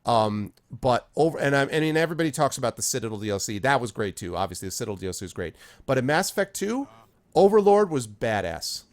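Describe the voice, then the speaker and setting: A man on a live game stream, rambling through casual chat as he plays and answers viewers by name. His pitch swings widely from sentence to sentence, often jumping up with excitement. He sits at a middling height in pitch overall. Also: fast. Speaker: streamer reading chat while playing.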